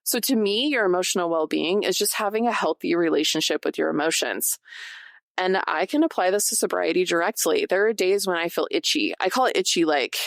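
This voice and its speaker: Podcast host, woman, fairly low voice, very dry close sound; casual, talks right to listeners. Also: fairly quick, creaky, no echo. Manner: chatty, addresses listeners directly, laughs often. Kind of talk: casual solo podcast talk; partly reading from notes.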